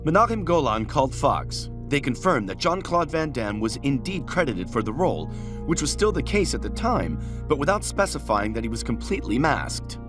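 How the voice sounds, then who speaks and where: A man narrating a documentary in a scripted, measured, expressive delivery. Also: mid-range voice, music in the background.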